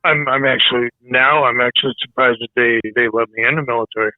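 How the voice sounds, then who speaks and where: Hoarse male guest, halting delivery, thin phone-like sound, dry. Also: mid-range voice, steady tone, no room sound. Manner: halting, hesitant speech. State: losing his voice. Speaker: military veteran guest. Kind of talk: casual podcast interview. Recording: tinny phone-like line.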